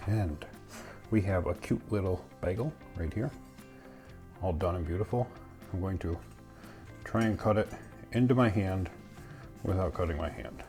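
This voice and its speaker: With faint music in the background, a cooking channel host speaks in a warm, low-pitched voice at normal speed, leaving long pauses. He jokes playfully and talks to himself as he bakes on his casual home vlog, eating and chewing while talking.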